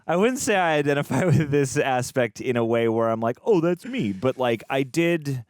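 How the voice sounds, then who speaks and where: A man's voice: mid-range voice, normal speed, dry recording, studio quality. A man co-hosting a movie reaction show, talking reflectively in casual chat and playfully acting out quotes. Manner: reflective, jokey, acts out quotes loudly.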